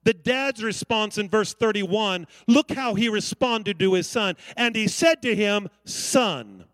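A man's voice: high voice, measured pace, a bit bright, dry recording. A man preaching a sermon as pastor, calling out to the congregation for responses. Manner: preaching with call-outs to the congregation.

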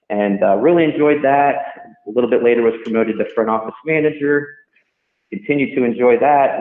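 A man, a hotel general manager, talking casually in an interview, rambling with many restarts. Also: lowish voice. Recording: tinny phone-line sound in an echoey room.

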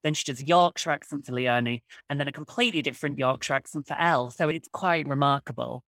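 Animated woman author, dry close sound. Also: a bass voice, dry recording. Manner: animated, quick storytelling. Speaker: author guest. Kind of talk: enthusiastic interview chat.

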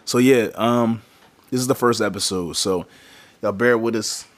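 A man's voice: lowish voice, measured pace. A man hosting a podcast in a small studio, talking in a loose, rambling, joking way. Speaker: podcast host. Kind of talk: casual chat.

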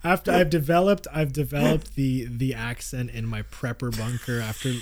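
A man co-hosting a casual podcast chat, relaxed and laughing often, with halting restarts. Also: mid-range voice. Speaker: podcast co-host.

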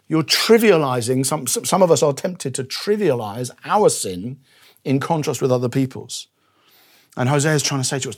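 A man preaching a sermon with earnest conviction, often quoting scripture and acting out imagined speakers in a hushed voice. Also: mid-range voice, animated, moderate pace, breathy edge. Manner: earnest, drops to a hushed voice for acted quotes.

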